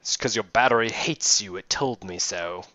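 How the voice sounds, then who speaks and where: A man's voice: lowish voice, moderate pace, no room sound. Teasing man on a dry headset mic. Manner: loud, teasing jokes. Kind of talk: casual online group chat. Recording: dull dry headset audio.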